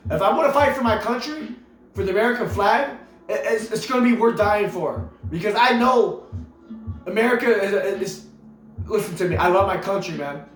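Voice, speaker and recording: High-voiced man ranting preachily to camera. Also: lively intonation, normal speed. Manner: emphatic and preachy, stacks rhetorical questions; repeats himself, stumbles into restarts. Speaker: vlogger. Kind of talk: impassioned political rant to camera. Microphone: camera mic. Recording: echoey room with faint music behind.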